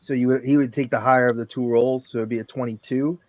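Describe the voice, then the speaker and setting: A man talks through tabletop rules with a blunt, swearing edge, reading and explaining as he goes. His voice sits in a middle pitch. It comes over dry and dull, like a lo-fi podcast mic. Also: fairly even intonation, fast, dry recording. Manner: rules-focused, profane, flips through rulebook aloud. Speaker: player. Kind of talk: casual tabletop game chat.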